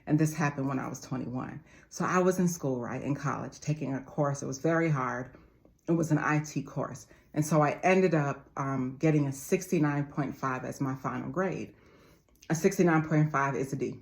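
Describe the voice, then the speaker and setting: A woman's voice: very deep voice, moderate pace, vocal fry. A woman in her forties giving a motivational monologue, emphatic and repetitive, calling her listeners family. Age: 40s. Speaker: motivational speaker.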